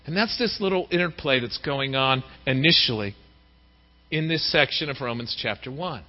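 A man's voice: medium pitch, moderate pace. A middle-aged male pastor giving a sermon in a church and acting out the voices of people he quotes. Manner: lively, acts out quoted voices. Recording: dull recording in a reverberant hall.

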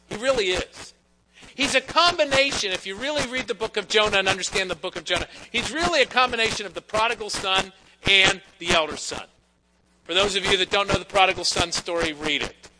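A man's voice: high-pitched, noisy background. A male pastor delivering a conversational sermon, slipping quoted lines into his talk. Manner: conversational preaching, quoting figures in quick asides.

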